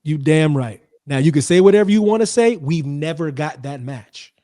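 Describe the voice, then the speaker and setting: A man hosting a wrestling podcast in casual chat, animated and excitable, joking and laughing often. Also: on the high side, moderate pace. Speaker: podcast host.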